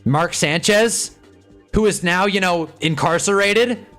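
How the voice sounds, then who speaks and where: A man hosting a live stream, chatting casually and sarcastically in a rambling, animated way, reading chat and reacting as he goes. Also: high-pitched, slow, faint music behind. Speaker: livestream host.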